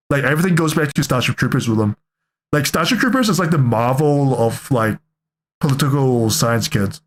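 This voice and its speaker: A man's voice: mid-range voice, a little hiss or hum. A young man giving casual reaction commentary, rambling and joking, often correcting himself mid-sentence. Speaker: reaction streamer.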